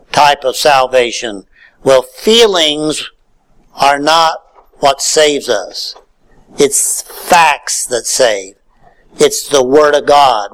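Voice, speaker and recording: A male pastor preaching a sermon in a folksy way, swinging from loud calls to near-whispered lines. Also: medium pitch, poor audio.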